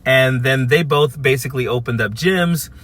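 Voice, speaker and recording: A man of fifty telling a casual story to camera from his parked car, animated, acting out what people said, with frequent restarts. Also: mid-range voice, moderate pace. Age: 50s. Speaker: vlogger. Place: parked at a car charging spot by a busy street.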